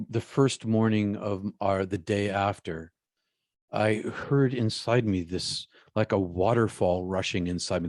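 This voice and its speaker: A man, a guest in an interview, telling a personal story in a halting way, often repeating his words. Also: on the low side, darkish tone, no room sound, clean studio sound.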